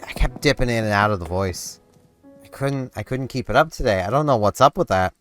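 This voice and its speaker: A man's voice: mid-range voice, animated, fairly quick, fairly bright tone. A man giving casual commentary while playing a video game, rambling and thinking aloud. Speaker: let's play gamer. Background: game music.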